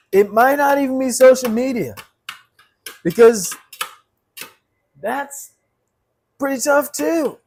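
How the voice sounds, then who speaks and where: A man's voice: sits high, slight background noise. A man hosting a home cooking show, joking and mocking himself as he rambles off topic. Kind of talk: rambling comic monologue. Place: home apartment kitchen.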